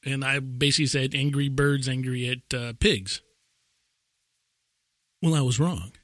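A man's voice: mid-range voice, a little slow, fairly bright tone, no echo, clean studio sound. A man co-hosting a podcast, rambling casually and laughing often as he tells stories. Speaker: podcast co-host.

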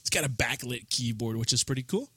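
A man's voice: medium pitch, animated, a little fast, pushed and bright, husky, no echo. A man co-hosting a casual gaming podcast in a studio, chatting in a rambling way. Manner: chatty, rambling gamer talk. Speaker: podcast co-host. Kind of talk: casual chat.

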